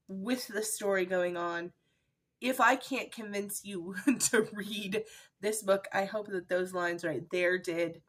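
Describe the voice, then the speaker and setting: Casting: chatty female book vlogger, emotional, mid-pitched, at home. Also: takes it slowly, fairly bright tone. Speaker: book reviewer. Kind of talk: casual book review vlog.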